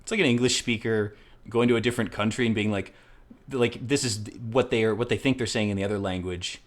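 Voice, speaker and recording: A man hosting a let's play, rambling through casual, profane gameplay commentary with excitable outbursts. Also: lowish voice, quick pace.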